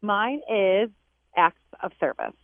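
A woman calling in to a radio show, telling a story with excitement and animation. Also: mid-range voice, slow, no room sound. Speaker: caller. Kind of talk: phone-in chat. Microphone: telephone. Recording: tinny phone line.

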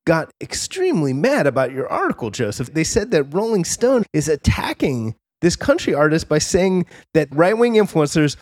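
A man's voice: fairly high pitch, very animated, normal speed, hardly any pauses, dry recording, studio quality. A man hosting a podcast conversation, wry and dryly joking. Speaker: podcast host.

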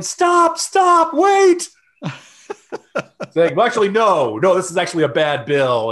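Sarcastic male political podcast host. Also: fairly high pitch. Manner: sarcastic, mocking quotes in a raised voice; loose and conversational with restarts.

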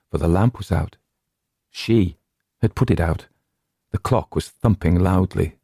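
A man narrates a horror tale in a hushed, measured way, lingering on the chanted rhyme lines. His voice sits very low with a warm, dark tone. The recording is dry and close, with no room sound. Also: no echo. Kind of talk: storytelling reading of a horror tale.

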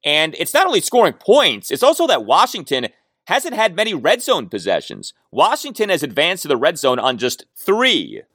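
A man hosting a solo sports podcast, talking through his points in a lively, self-joking way. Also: fairly high pitch, moderate pace, no room sound, clean studio sound. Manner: animated, talks to himself jokingly.

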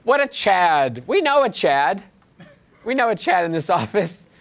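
A man's voice: high-pitched, big pitch swings, measured pace, fairly bright tone. A man hosting an improvised comedy game show, playful and laughing often as he gives out points.

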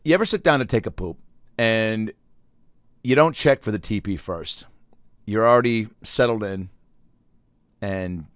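A man telling a rambling, profane comic story in a casual monologue, breaking into loud acted-out quotes. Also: on the low side, dry recording, clean studio sound. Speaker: comedian.

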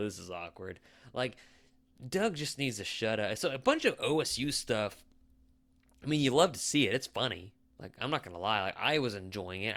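A bright, forceful-sounding man, talking casual sports chat. He rants with exasperation and his voice jumps way up when he gets worked up. Mid-pitched and conversational. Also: clean tone. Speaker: sports talk host.

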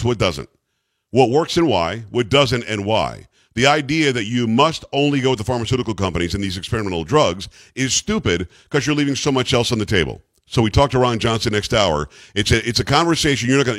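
A man's voice: mid-range voice, dry recording. A man hosting a talk radio show, speaking bluntly and emphatically with a joking edge, in a radio studio.

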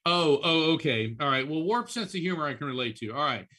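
Chatty man giving psychic readings, bright tone. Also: fairly high pitch, a little fast. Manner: animated, repeats names, laughs often. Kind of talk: radio call-in readings, chatty.

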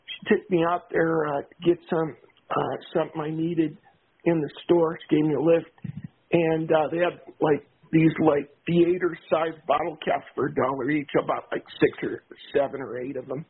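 A man calling in to a radio show, chatting casually in a rambling, halting way. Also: a little high, fairly even intonation, husky. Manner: rambling, halting, full of restarts and filler. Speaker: caller. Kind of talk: casual call-in chat. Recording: tinny phone line.

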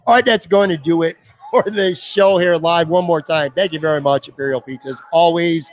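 Joking podcast host, slightly high voice. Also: male voice, a little fast, dry recording. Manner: joking, animated, swears freely. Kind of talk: casual chat. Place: pizza restaurant, indoors.

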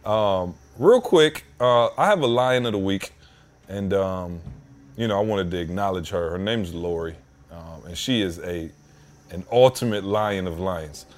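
A man tells a rambling story on his podcast, recorded in his home basement, in a lowish voice and laid-back slang. He acts out the other people's lines as he goes. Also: measured pace. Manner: animated, slangy storyteller who acts out dialogue. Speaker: podcast host. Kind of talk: casual storytelling.

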